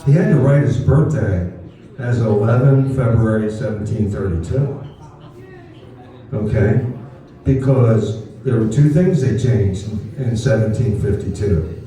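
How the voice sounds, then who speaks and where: Man, history speaker, casual and digressive, dark mellow tone, far off-mic in a big echoey room. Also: fairly low pitch, a little slow. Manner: chatty, digressive, asks "okay?" often. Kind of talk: informal history talk to a live audience.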